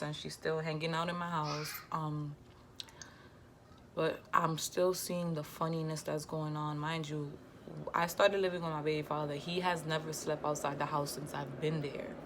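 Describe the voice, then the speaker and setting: A young woman, telling a casual storytime in a lively, slangy way and quoting herself and others. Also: sits low, normal speed, slight background noise. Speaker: vlogger.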